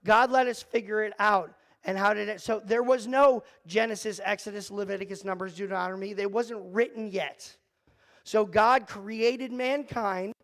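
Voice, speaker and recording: A man leading a church youth group, cracking self-deprecating jokes and teasing the kids between points of his talk. His voice sits high and has a gravelly edge. The sound is dry and close on a mic. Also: no room sound, poor audio. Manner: joking, self-deprecating, talks to the kids in the room. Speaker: youth pastor. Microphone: handheld or headset mic.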